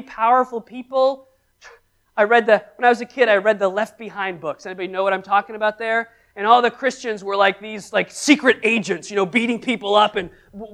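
A preacher giving a sermon who asks the congregation questions, calls for amens, and swings between loud exhortation and hushed emphasis. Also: medium pitch.

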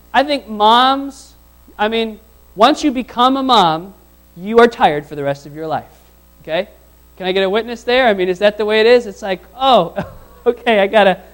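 Man preaching a sermon, conversational, asks questions, loud emphasis then quiet asides. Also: extremely high pitch, clear, resonant tone, low-quality recording. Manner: conversational, asks the congregation questions and repeats phrases. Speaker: pastor.

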